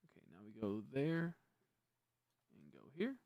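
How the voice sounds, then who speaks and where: A man's voice: on the low side, huge pitch swings, a little slow, creaky, dry recording, muffled recording. Casual, rambling young male streamer. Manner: rambling, self-correcting, easily frustrated. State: hiccups. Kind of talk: casual live-stream chat.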